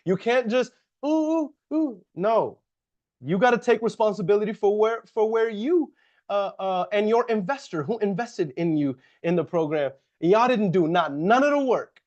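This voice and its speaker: A man's voice: high voice, darkish tone, muffled recording. A man talking casually on a livestream and answering chat comments head-on, restarting and repeating himself often. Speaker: real estate investor and coach on a livestream. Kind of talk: livestream talk.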